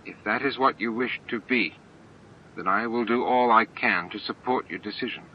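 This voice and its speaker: A man's voice: on the low side, moderate pace, dull audio, slight background noise, natural voice. A man voicing an earnest man struggling with shock and devotion in a homemade audiobook, speaking bluntly and with emotion. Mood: resolute.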